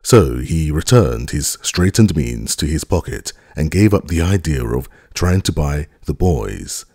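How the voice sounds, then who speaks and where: A male audiobook narrator with a very deep, husky voice tells the story in measured, expressive scripted narration. The recording is close and dry, with no room sound. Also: no echo.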